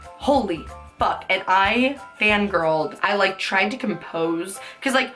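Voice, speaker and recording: A woman's voice: medium pitch, lively intonation, slow, a bit bright, faint music behind. A young adult woman vlogger telling embarrassing stories in a casual, chatty way, full of "like" fillers and swearing, often laughing. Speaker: beauty vlogger. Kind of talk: casual storytelling.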